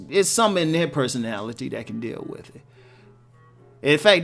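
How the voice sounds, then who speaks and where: A man hosting a casual relationship-advice monologue for women, talking bluntly with tough love and jokes. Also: mid-range voice.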